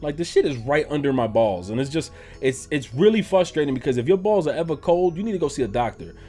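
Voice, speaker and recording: A man telling a story on his vlog in an animated, profane, slangy way. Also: on the high side, fast, soft background music. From New York. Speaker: YouTuber.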